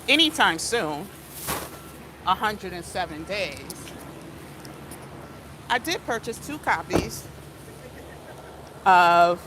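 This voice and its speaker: Slow-talking chatty woman vlogger. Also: medium pitch, pushed and bright, slight background noise. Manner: chatty, digressive, laughs often. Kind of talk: casual vlog talk. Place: outdoors, moving between places.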